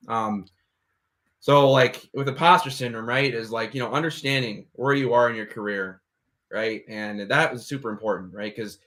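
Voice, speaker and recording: A young man talks on an online panel in a casual, heartfelt way. His voice sits in an ordinary middle pitch. He keeps checking in with "right?" and "you know". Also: fairly bright tone. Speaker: panel speaker. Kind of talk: motivational panel talk. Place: online video call.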